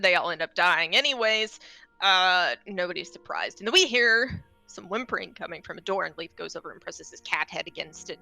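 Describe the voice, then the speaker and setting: A woman casually recapping a tabletop game session, with wry, deadpan asides. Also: mid-range voice, gravelly, no room sound.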